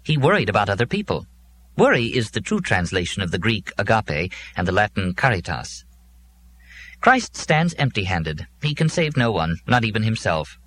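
A man's voice: on the low side, big pitch swings, moderate pace, a bit bright, a little hiss or hum. A man voicing a pedantic, long-winded male robot that lectures with precision. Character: fussy pedantic male robot, wordy and earnest.

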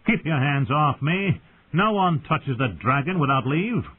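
Man voicing a drunk young king, high strained voice, slurred and demanding, tinny phone-like sound. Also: sing-song, slow pace, slightly rough, full character voice. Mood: furious. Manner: slurred, thick with wine, shrill and demanding. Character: drunk arrogant young exiled king, shouting.

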